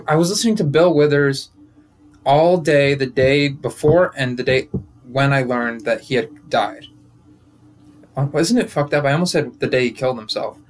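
A young man in his twenties, a comedian and podcast host, talking through a casual, joking monologue that wanders and interrupts itself. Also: mid-range voice. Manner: rambling, joking, self-interrupting.

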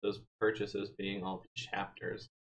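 A man's voice: fairly low pitch, monotone, a little slow. A man streaming a game live, chatting casually and laughing easily.

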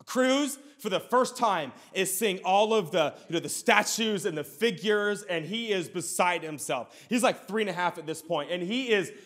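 A man's voice: high-pitched, lively intonation, normal speed, hardly any pauses, a bit bright. A man in his thirties, a pastor, preaching a sermon in a conversational storytelling way with sudden bursts of emphasis.

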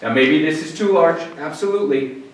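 A man on a zoning board speaking at a public hearing, measured and halting, with frequent restarts. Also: a little high. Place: town meeting room. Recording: echoey room from far off, faint hiss.

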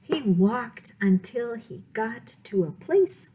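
A woman reads a picture book aloud to children in a slightly high voice, taking her time over every word. She keeps the telling playful and now and then sinks into a dramatic whisper. Faint background noise sits under the reading. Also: expressive, takes it slowly. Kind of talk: storytime read-aloud.

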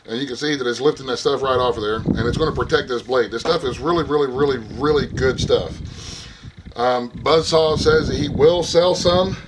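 A man's voice: mid-range voice, normal speed, background noise. A man giving a casual, folksy product review vlog, rambling with lots of fillers. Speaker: vlogger.

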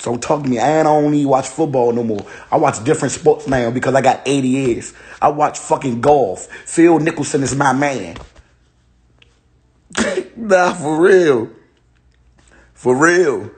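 A man's voice: mid-range voice, unhurried, a little mellow. A young man on a phone livestream, joking in an exaggerated, repetitive rant and laughing between lines. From Ohio. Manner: laughing, exaggerated mock despair, repeats lines. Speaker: internet personality. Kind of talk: joking live-stream rant.

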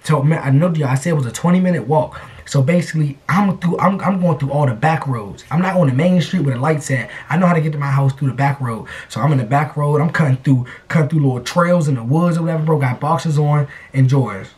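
A young man vlogging, telling a story in a casual, animated, slangy way full of repetition. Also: on the high side, fast, few pauses.

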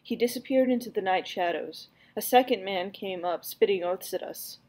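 Woman, teacher, audiobook reading, mid pitch, louder for quoted speech. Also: moderate pace, hardly any pauses. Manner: reads dialogue louder and higher. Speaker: teacher reading a book aloud.

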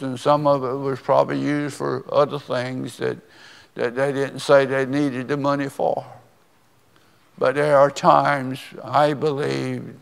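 Older guy preaching, real gravelly voice, takes his time, church reverb all around. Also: mid-range voice. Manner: slow, deliberate storytelling with pauses. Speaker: pastor. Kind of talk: sermon. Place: church sanctuary. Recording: long reverb of a church hall.

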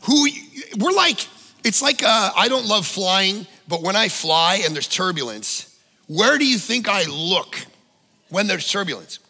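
High, bright-voiced emphatic preacher man. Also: big pitch swings, measured pace, gravelly, breathy edge, big-room sound. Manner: emphatic, with sudden loud bursts and asides. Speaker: pastor. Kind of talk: conversational sermon. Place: church auditorium.

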